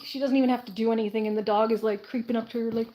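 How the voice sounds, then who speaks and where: A woman's voice: on the high side, fairly even intonation, very fast, very noisy. A woman chatting casually on a live stream, laughing often and switching to baby talk with her birds.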